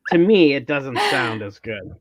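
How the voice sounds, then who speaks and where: Here the podcast host's mid-range voice is sing-song and unhurried as he rambles through a story in casual chat. He keeps restarting his sentences and slips into a mock Minnesota accent when quoting people.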